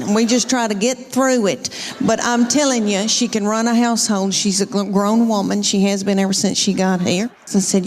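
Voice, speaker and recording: A woman's voice: a little high, steady tone. Folksy Southern woman doing stand-up. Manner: folksy, drawn-out storytelling. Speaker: stand-up comedian. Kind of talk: stand-up comedy set. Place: live comedy venue stage. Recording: live reverberant hall with noise.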